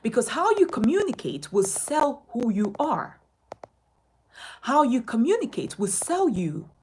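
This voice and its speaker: Animated, slow-talking woman teaching live. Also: mid-range voice, husky. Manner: animated, emphatic, asks and answers its own questions. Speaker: communication coach. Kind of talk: live-streamed lesson. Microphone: phone.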